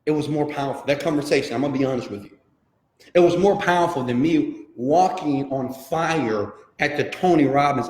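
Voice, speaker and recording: A man's voice: medium pitch, roomy sound. A man from Houston tells a dramatic personal story as a motivational speaker, acting out the dialogue and turning to the audience with direct questions. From Houston, Texas.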